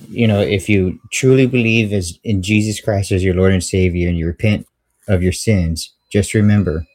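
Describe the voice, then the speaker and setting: A man's voice: on the low side, darkish tone. A male caller on a faith program, speaking earnestly with frequent restarts and "you know"s. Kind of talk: call-in talk, preaching comfort.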